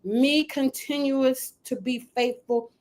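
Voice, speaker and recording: A woman's voice: high-pitched, slow. A middle-aged woman hosting a podcast, giving casual motivational talk with emphatic repeated phrases and frequent laughter. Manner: animated, laughs often, acts out quoted voices. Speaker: podcast host.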